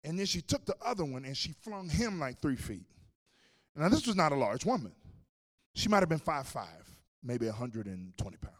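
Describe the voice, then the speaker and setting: A male pastor preaching a sermon, telling a story with animated swings between loud and hushed. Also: a little high, normal speed.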